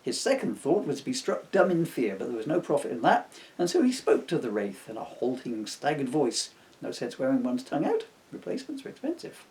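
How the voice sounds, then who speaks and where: A man's voice: medium pitch, huge pitch swings, brisk, mellow. Man reading his own comic book aloud. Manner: digressive, self-mocking jokes between passages.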